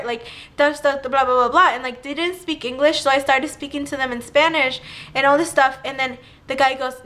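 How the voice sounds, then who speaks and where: A young woman telling a personal story to camera in a chatty, animated way, with "like" all through her talk. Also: sits high, normal speed. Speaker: vlogger. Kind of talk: casual storytime.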